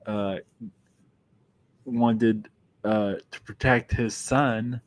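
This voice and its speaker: A man's voice: lowish voice, fairly even intonation, extremely slow. A man giving a casual film review monologue, rambling and often restarting his sentences.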